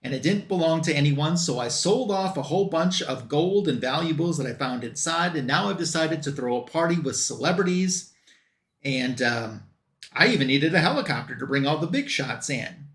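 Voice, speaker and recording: A man's voice: on the high side, expressive, normal speed, fairly bright tone, reverberant. A man recapping a comic book story in a loose, run-on way, quoting the characters as he goes.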